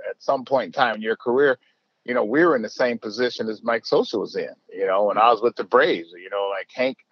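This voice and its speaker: An older man with a lowish voice tells stories in a loose, rambling way, leaning on fillers and restarting his sentences. The recording is dull and lo-fi, with a dry, close sound. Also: dry recording. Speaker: baseball manager, interview guest. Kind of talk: casual storytelling.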